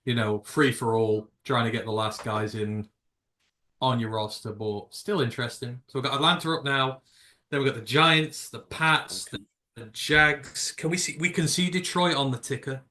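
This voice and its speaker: British male stream host, loose and rambling, jokey, mid-pitched voice. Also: normal speed, pushed and bright. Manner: rambling, jokey, swears casually. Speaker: livestream host. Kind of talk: casual live reaction chat.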